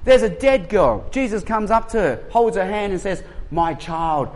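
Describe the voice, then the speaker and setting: A high-voiced Australian man in his forties delivers a sermon with lively, humorous energy. He jokes with the congregation and acts out the voices in his stories. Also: normal speed. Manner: animated, humorous storytelling. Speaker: pastor.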